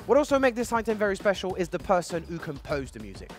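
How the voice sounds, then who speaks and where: A man's voice: fairly high pitch, fast talker, few pauses, soft background music. A man hosting a playful studio video series, joking and quipping as he presents. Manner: jokey, animated, sings snippets. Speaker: host.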